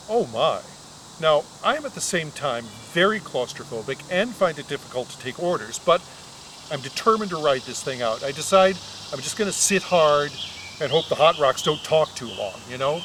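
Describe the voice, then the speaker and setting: A man's voice: a little high, animated, moderate pace, a bit bright, a little hiss or hum, poor audio. A middle-aged man performing a comic storytelling monologue in a wry, anxious, self-mocking way.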